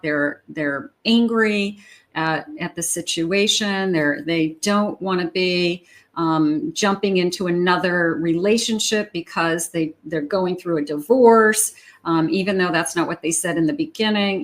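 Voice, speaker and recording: Woman, tarot reader, chatty, conversational, middle pitch. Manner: chatty, conversational, with frequent fillers and restarts. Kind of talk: tarot reading for viewers.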